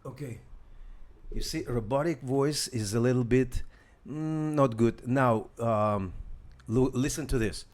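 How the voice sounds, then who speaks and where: A man's voice: mid-range voice, unhurried, a little mellow. A man hosting a casual live demo, hesitant, with many fillers and restarts while talking to viewers. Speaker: tech demo host.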